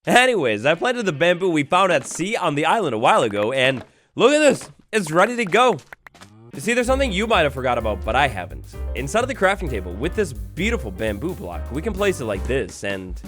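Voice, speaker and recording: A young man doing energetic, jokey commentary over his own game play, with bursts of mock drama. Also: fairly high pitch. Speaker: gaming YouTuber. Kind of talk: Minecraft let's-play commentary.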